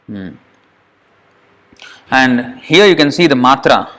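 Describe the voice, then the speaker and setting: A man's voice: medium pitch, lively intonation, takes it slowly, a bit bright. A man teaching Sanskrit pronunciation in a recorded lesson, demonstrating each syllable aloud and repeating it patiently.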